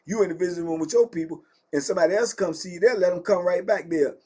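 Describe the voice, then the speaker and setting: A man's voice: high-pitched, quick pace, darkish tone, breathy edge. A man casually retelling a prison story as host, in loose conversational runs.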